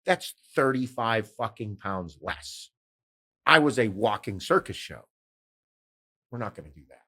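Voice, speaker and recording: A middle-aged man with a low, husky voice talks loosely on his podcast. He gets animated and swears freely, telling stories and acting out what other people said. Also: unhurried. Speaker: podcast host. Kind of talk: casual podcast chat.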